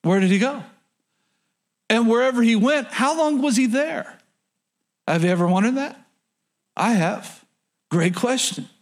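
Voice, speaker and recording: Male pastor, high voice, emphatic sermon delivery, repeats key lines. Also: expressive, measured pace, long pauses. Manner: emphatic, repeats phrases, addresses congregation directly. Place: church in front of a congregation.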